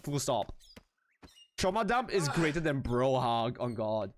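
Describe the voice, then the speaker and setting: A man live-streaming a game, chatting casually with his viewers in an excitable, animated way and swearing freely. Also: medium pitch, unhurried, slight background noise.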